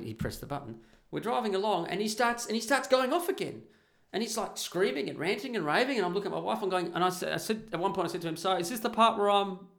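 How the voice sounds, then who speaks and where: Middle-aged male storyteller; gravelly, emphatic, sweary, blunt casual delivery. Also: high voice, fairly bright tone. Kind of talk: casual anecdote to an audience.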